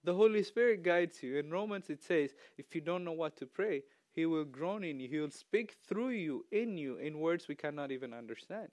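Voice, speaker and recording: Male preacher, somewhat raised pitch, conversational sermon delivery, laughs easily, dry recording. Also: expressive, normal speed, hardly any pauses, a little mellow, no room sound. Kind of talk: casual sermon. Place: church.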